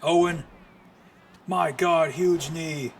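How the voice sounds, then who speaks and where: Excitable man calling wrestling play-by-play. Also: fairly high pitch, extremely slow, gravelly, slight background noise. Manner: excitable, frequent exclamations. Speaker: streamer commentator. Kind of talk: live wrestling play-by-play commentary.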